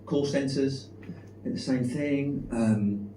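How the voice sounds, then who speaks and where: A middle-aged man with a South London accent works through a stand-up set in a deadpan, self-deprecating way, with plenty of filler words. His voice sits at an ordinary pitch. The club sounds echoey, and the mic is a distance away with noise behind him. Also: slow pace. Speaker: stand-up comedian. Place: comedy club stage with live audience. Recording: echoey room, mic far off, noisy.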